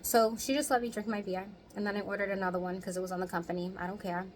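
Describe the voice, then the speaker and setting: A woman's voice: medium pitch, steady tone, quick pace, a little hiss or hum, low-quality recording. A woman in her thirties telling candid stories to camera in casual chat. She swears freely and laughs often. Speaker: vlogger.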